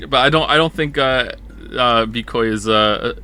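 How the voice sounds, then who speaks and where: A man's voice: medium pitch, pushed and bright. A man chatting casually on a stream, rambling and joking and correcting himself mid-sentence. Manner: rambling, self-correcting, jokey.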